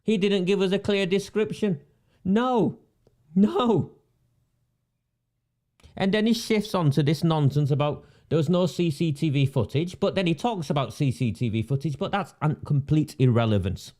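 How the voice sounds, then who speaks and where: A man's voice: fairly high pitch, moderate pace, dark tone. Indignant Mancunian man ranting. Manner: indignant, sarcastic, repeats phrases for emphasis. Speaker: independent political commentator. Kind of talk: ranting monologue.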